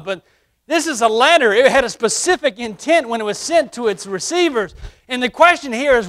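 A man preaching a sermon through a face mask, surging into loud, emphatic peaks and then dropping to hushed, low passages. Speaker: pastor. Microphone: wearing a face mask while preaching.

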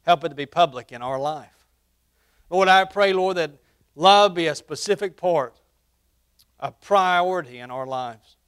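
High-voiced male pastor preaching with fervor. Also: unhurried, pauses often, smooth. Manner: swings between loud emphatic peaks and hushed low passages. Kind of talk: sermon. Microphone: wearing a face mask while preaching.

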